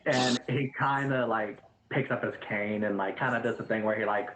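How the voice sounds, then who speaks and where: A man's voice: lowish voice, steady tone, moderate pace, reverberant, background noise. A man narrating a tabletop game as game master in a loose, chatty way, full of fillers. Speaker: dungeon master. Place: home voice chat.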